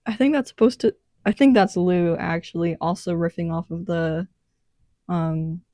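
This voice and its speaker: A young woman casually narrating a sketchbook tour, relaxed and rambling with many fillers. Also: on the low side, normal speed, no room sound, studio quality. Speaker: artist vlogger.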